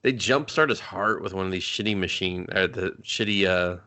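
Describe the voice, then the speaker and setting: A man co-hosting a movie review podcast, talking in a rambling, excitable way with lots of swearing and acted-out quotes. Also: low-pitched, normal speed. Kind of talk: casual profane movie chat.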